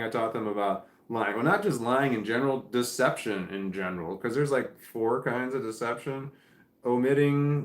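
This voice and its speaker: A middle-aged man chatting casually with live viewers, rambling, restarting sentences and swearing offhand. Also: fairly low pitch. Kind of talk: casual live chat, reading comments. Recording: roomy echo.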